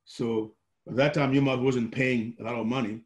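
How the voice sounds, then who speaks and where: An older man from Malawi, telling his coaching history in an oral history interview, animated and acting out the dialogue he recalls. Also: mid-range voice, normal speed. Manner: animated, acts out quoted dialogue.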